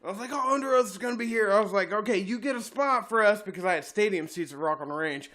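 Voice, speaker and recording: A man's voice: high voice, lively intonation, fast, pushed and bright. A man co-hosting a casual podcast, telling rambling, profane anecdotes and laughing often. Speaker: podcast co-host. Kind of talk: casual storytelling chat.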